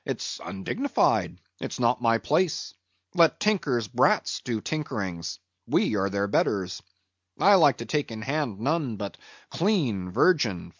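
Grumbly fussy old ship's carpenter muttering away, a man doing him, pitch bobbing, dull dry sound. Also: dry recording. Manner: hesitant, muttering, grumbling to himself.

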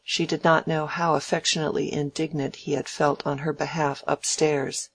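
An audiobook narrator reading a classic novel in a measured, even way. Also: medium pitch, no room sound.

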